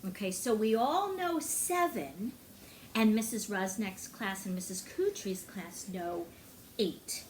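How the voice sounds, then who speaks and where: A woman music teacher talking brightly and encouragingly to young children, now and then singing a short greeting song. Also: mid-range voice, lively intonation, slow, a little hiss or hum.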